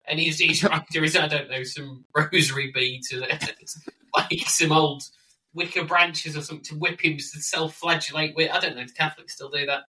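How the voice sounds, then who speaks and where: A man's voice: a little high, fairly even intonation, normal speed, sharp tone, recorded from a distance, low-quality recording. A man co-hosting a wine podcast, chatting in casual banter and joking around with playful silly voices.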